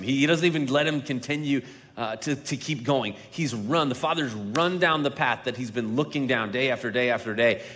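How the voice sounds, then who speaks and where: A male pastor preaching a sermon, slowing down and dropping to a hush for emphasis, then building up louder on key points. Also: mid-range voice. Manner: dynamic delivery, slowing and dropping quiet for emphasis. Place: large church sanctuary. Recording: long reverb of a large hall.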